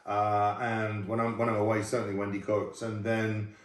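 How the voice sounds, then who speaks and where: A man's voice: on the low side, completely flat delivery, moderate pace. A middle-aged man, a former royal chef, chatting through viewer questions in a laughing, self-deprecating way. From United Kingdom. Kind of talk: casual Q&A chat. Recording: roomy sound from a distant mic.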